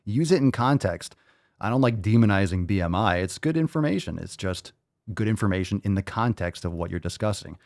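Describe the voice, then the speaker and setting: A man's voice: lowish voice, animated, fairly quick, gravelly, a little mellow, no echo, studio quality. A man hosting a live podcast Q&A, answering viewer questions in a blunt, joking and profane way. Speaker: podcast host. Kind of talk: live Q&A chat.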